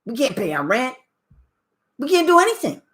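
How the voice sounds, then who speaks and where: Older woman host, casual opinion talk, emphatic, higher-pitched. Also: sing-song, normal speed, fairly bright tone. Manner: emphatic, preachy, laughs often. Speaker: channel host. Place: home.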